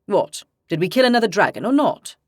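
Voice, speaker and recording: A man's voice: high-pitched, very animated, a little fast, dry recording, clean studio sound. Woman voicing a boastful young hunter lad. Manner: boastful, blunt. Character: brash young male dragon hunter.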